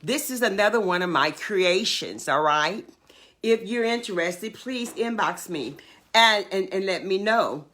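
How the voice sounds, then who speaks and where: An older woman chats on her home livestream, announcing events and pitching her wares. She speaks slowly and emphatically, stretching out her words. Her voice is bright and lively, rising and falling a lot. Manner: emphatic, drawn-out, animated selling and urging. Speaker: livestream host. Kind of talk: casual livestream chat and announcements.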